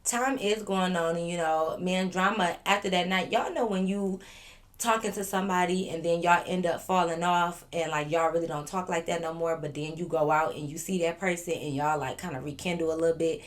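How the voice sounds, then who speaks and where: Chatty woman with a lowish voice. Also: a little fast. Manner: chatty, addresses viewers directly, lively asides. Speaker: vlogger. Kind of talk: casual storytime to viewers. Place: living room at home.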